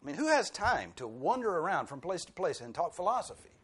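A man's voice: a little high, very animated, a little fast, a bit bright, husky. A man preaching a sermon in a conversational way, with rhetorical questions and dry humor.

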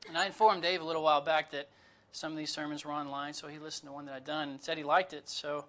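Bright, high-voiced male guest preacher. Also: little pitch movement, fast talker. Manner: conversational, with humorous asides and disclaimers; reads closely from notes. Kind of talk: sermon.

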